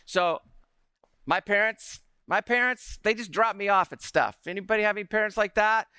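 A man in his forties giving an energetic talk to a live audience, often asking the room questions. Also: sits high, normal speed, smooth, no echo.

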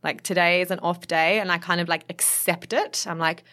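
A woman nutritionist and author, talking as a guest in a casual chat, quick and chatty and laughing often. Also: on the low side, fairly even intonation, pushed and bright.

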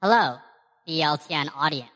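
Teasing voicemail caller, woman playing her bright, low, reverberant. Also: animated, moderate pace. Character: taunting caller calling herself Zol.

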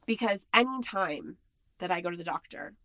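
A woman's voice: fairly low pitch, animated, moderate pace, a bit bright, no echo. A woman talking candidly and with frustration in a casual monologue, emphatic and blunt.

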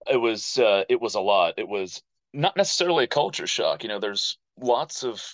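An American man in his thirties, a podcast guest, telling stories in a casual and animated way. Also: fairly low pitch, moderate pace, no echo. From United States. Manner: animated storyteller who acts out quoted voices. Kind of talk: casual interview storytelling. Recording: dull, dry podcast audio.

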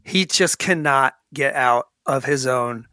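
Over a dry recording, this sports podcast co-host rants in a mid-range voice at a slow pace. His animated, casual delivery is full of stammers and repeated restarts.

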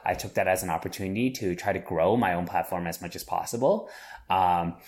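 A man in his thirties answers interview questions in an earnest way, often restarting his sentences as he thinks. His voice sits very low. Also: fairly quick, darkish tone. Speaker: guest, chef and business owner.

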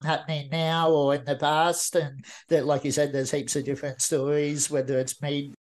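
A man's voice: on the high side, level tone, moderate pace. A man, a podcast guest talking earnestly and reflectively, often restarting his sentences. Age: 40s. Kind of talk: casual interview talk.

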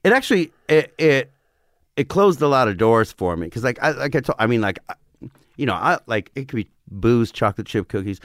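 A man in his forties telling a wild family story in casual chat, swearing freely and acting out what people said, breaking into loud laughs. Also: medium pitch, sing-song, a little fast, no room sound, studio quality. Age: 40s.

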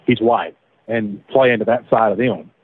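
A man, recounting his past in a halting way with repeated words, over the phone. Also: fairly low pitch, slightly rough. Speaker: interviewee, former defendant. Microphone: phone line. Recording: tinny phone line.

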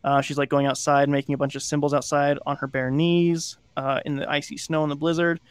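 A man's voice: a little high, little pitch movement, fairly quick, clear, resonant tone, dry recording. A man co-hosting a podcast, casually retelling a film plot in a rambling way, with lots of fillers and acted-out quotes. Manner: rambling, lots of "like" and restarts, acts out quoted lines. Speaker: podcast co-host.

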